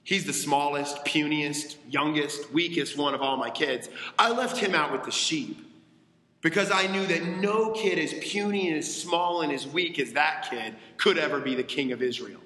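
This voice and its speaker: A man's voice: fairly high pitch, normal speed, pushed and bright. A man voicing a dismissive father, with echoey hall reverb.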